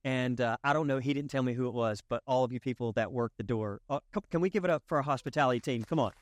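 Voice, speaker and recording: A man's voice: mid-range voice, quick pace, no echo. A middle-aged man preaching as a pastor, telling stories in a loose, conversational way and turning to the congregation with asides. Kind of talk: sermon. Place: church sanctuary.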